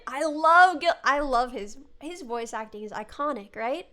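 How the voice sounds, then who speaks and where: A woman's voice: sits high, expressive, measured pace, sharp tone. A young woman streamer, sick, chatting and telling a ghost story with a giggly, dramatic manner. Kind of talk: casual chat and storytelling.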